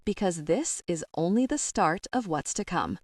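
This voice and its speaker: A woman reading a gruff, fond young husband. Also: on the low side, lively intonation, normal speed, no echo, studio quality. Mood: reassuring. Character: young husband, protective and teasing.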